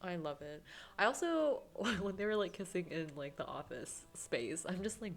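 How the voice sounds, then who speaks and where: A woman's voice: on the low side, sing-song, normal speed. A young woman hosting a gaming channel, chatting casually and giggling while she plays and reads a visual novel aloud. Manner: chatty, giggly, with many fillers. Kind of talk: casual let's-play commentary and narration.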